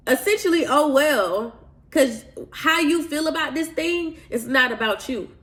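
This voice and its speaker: A woman's voice: fairly high pitch, a bit bright. A woman hosting a podcast, speaking earnestly and confidingly as she shares a personal faith testimony. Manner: earnest, confiding, addresses listeners as y'all. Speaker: podcast host.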